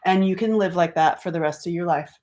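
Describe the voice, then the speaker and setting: A middle-aged woman from North Carolina talks on a livestream in a lowish voice. She is chatty and animated, slipping into other people's voices as she tells a story. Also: quick pace. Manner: chatty and animated, acts out quoted voices, asides to viewers. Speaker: author and speaker. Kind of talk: casual livestream talk.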